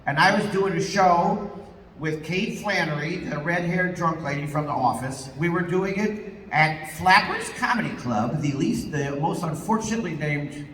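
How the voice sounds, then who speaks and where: A man as a voice actor guest at a convention panel, telling comic stories in an animated, jokey way and swearing casually. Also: a little high, moderate pace, a little hiss or hum. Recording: echoey hall, voice from far off.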